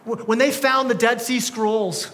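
Young guy pastor preaching casual, lots of restarts, pretty high voice, big reverby church hall. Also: fairly even intonation, measured pace, fairly bright tone. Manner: conversational, casual slang, frequent restarts. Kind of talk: sermon. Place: church sanctuary.

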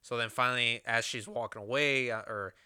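A man's voice: mid-range voice, fairly even intonation, brisk, sharp tone, clear, resonant tone, no room sound, clean studio sound. A man telling a personal story in a rambling, casual way, with lots of swearing and fillers.

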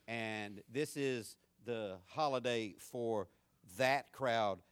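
A man's voice: mid-range voice, drawn-out words, a bit bright, clean tone, dry recording. A middle-aged man with a Southern US accent, preaching a sermon earnestly and building to fiery emphasis. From North Florida, US. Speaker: pastor.

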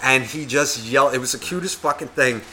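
A man tells a long story on a podcast in a bright, tense voice. He swears constantly and rambles. He acts out what people said along the way, in a casual chat tone. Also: medium pitch, fairly quick, slight background noise. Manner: heavy swearing, rambling, animated retelling with acted quotes. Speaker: podcast co-host.

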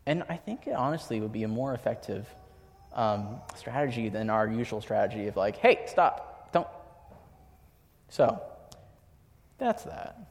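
A man's voice: fairly low pitch, moderate pace, darkish tone. A young man giving a sermon, telling personal stories in a casual, chatty way with lots of filler words. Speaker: preacher. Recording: long hall reverb.

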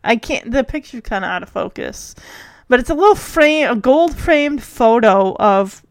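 A woman's voice: on the high side, animated, moderate pace, no room sound. A woman chatting casually as she recaps a TV episode, rambling and full of fillers.

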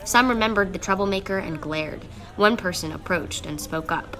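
Woman narrating a dark fable. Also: mid-range voice, normal speed. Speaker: storyteller. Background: music.

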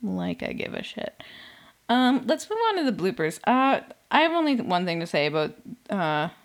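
A young woman hosting a podcast recaps a reality show in a casual, sarcastic monologue, swearing often and filling with "like." Her mid-range voice is creaky and very animated, at a moderate pace.

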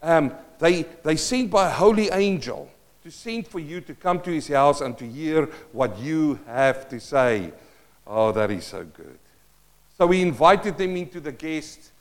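Man preaching, kinda high voice, loud bible reading then quiet asides, keeps restarting. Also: expressive, unhurried. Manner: swings between loud emphatic reading and soft asides; thinks aloud, repeats words and restarts. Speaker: pastor. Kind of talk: sermon with scripture reading.

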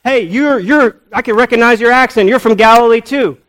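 A man's voice: very high-pitched, fairly quick, fairly bright tone, pitched above the performer's own voice, low-quality recording. A man voicing a bystander in a crowd who insistently accuses someone. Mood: accusing. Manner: pushy, accusing.

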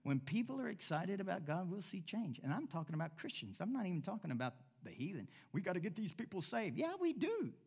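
Animated, high-voiced male pastor preaching. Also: fast talker, vocal fry, few pauses, breathy edge. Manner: animated, swings between low asides and loud exclamations; mimics whiny voices when quoting people. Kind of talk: sermon.

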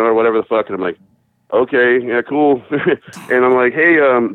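A man's voice: mid-range voice, fairly even intonation, a little fast, no room sound. A man calling in to a talk show, telling rambling, profane stories in casual chat. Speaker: phone-in caller. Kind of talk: casual storytelling. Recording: tinny phone line.

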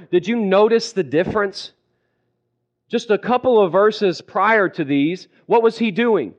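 A high-voiced male preacher gives an emphatic sermon, repeating key phrases and slowing down to dwell on scripture. The recording sounds dull and lo-fi.

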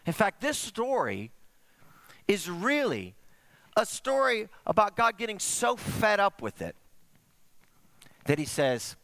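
A male pastor preaching a sermon, telling stories with animated swings between raised and hushed delivery. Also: takes it slowly, pauses often, dry recording. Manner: animated storytelling, swooping between high and hushed.

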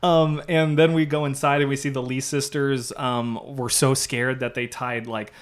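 A man's voice: mid-range voice, flat delivery, moderate pace, clean tone. A man co-hosting a podcast, animatedly retelling a movie's plot with lots of fillers. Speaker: podcast co-host. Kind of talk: casual movie-recap chat.

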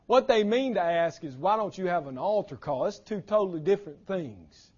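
A man preaching a sermon as pastor, impassioned, his voice swinging from loud declarations to hushed lines. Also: sits high, expressive, moderate pace, slightly rough, lo-fi sound.

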